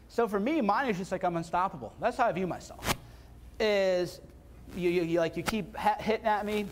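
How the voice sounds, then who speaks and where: Guy with a pretty high voice talking at a seminar, blunt and repetitive, faint hum behind. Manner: casual, blunt, repetitive emphasis. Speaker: seminar speaker. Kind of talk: live seminar talk. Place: seminar room before an audience.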